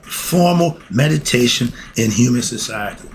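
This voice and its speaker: A man who speaks gives a lively spiritual lesson. He keeps asking himself questions and answering them, and he laughs often. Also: mid-range voice, moderate pace, a little hiss or hum. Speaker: spiritual philosophy teacher.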